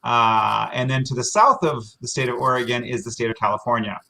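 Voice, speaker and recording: American man giving a relaxed slide talk. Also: mid-range voice, brisk, vocal fry, slight background noise. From Washington State, US. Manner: relaxed, friendly, many ums and uhs. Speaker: virtual tour guide. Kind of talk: casual presentation over slides.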